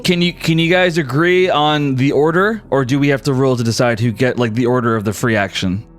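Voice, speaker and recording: A man running a tabletop role-playing game, narrating scenes and calling for dice rolls at a measured pace. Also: mid-range voice, soft background music. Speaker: game master.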